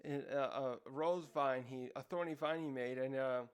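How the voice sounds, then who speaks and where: A man's voice: medium pitch, fairly even intonation, smooth. A man casually recapping a manga chapter as a review host, rambling and searching for words, with lots of fillers. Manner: acts out character lines in quick raised voices.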